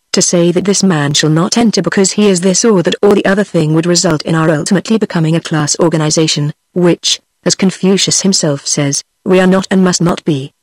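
A woman's voice: lowish voice, darkish tone, slightly rough, no room sound. Synthetic British woman reading a witty pompous old doctor. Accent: British English.

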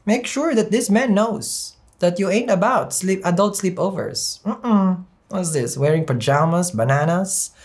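A woman's voice: fairly low pitch, animated, measured pace, few pauses, darkish tone. A woman reading tarot cards in a sassy, chatty way with a non-native English accent, laughing often. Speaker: tarot reader.

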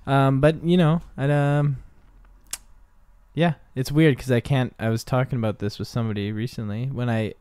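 A man co-hosting a casual podcast, telling rambling stories with halting restarts and acting out what people said. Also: medium pitch, fairly even intonation, a little mellow, clear, resonant tone, no room sound. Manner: rambling storyteller, halting restarts, acts out quotes. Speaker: podcast co-host. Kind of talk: casual chat.

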